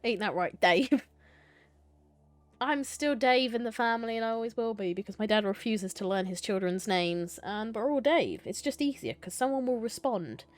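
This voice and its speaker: A woman's voice: a little high, expressive, moderate pace, no room sound. A young adult woman live-streaming a choice game, reading it aloud and chatting playfully with viewers, laughing and swearing casually.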